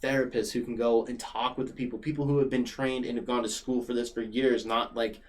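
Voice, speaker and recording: A man's voice: medium pitch, fairly quick. A young man chatting casually as a podcast guest, telling stories with lots of fillers. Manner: animated storyteller, many fillers like "like". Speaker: podcast guest and former regular.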